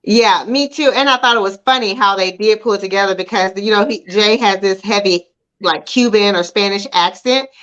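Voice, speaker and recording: A woman's voice: mid-range voice, moderate pace, a bit bright, highs cut off. A woman co-hosting a casual talk show, chatting about TV episodes and acting out her own reactions in quoted asides. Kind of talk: casual chat about TV shows.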